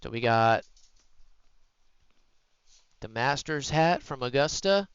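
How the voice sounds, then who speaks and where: Smooth-voiced man chatting on stream. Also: medium pitch, animated, takes it slowly, no echo, lo-fi sound. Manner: rambling, easygoing, chatty asides. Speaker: live streamer. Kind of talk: casual live-stream chat. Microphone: headset mic.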